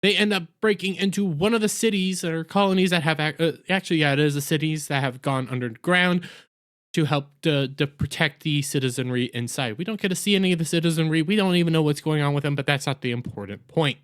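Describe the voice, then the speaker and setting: A man's voice: on the high side, fast talker, a bit bright. A man casually recapping an anime episode, rambling with lots of fillers and correcting himself mid-sentence. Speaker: anime reviewer.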